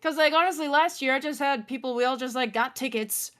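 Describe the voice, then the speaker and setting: Chatty woman, fairly high voice. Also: fairly bright tone. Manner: chatty, halting with fillers. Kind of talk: casual group chat on a stream.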